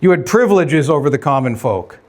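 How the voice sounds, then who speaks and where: A man with a slightly higher-pitched voice preaches a sermon in an easy, conversational way. He keeps asking his listeners questions and lifts his voice to play out the quoted dialogue. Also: big pitch swings, brisk. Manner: conversational, asks the congregation questions. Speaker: pastor.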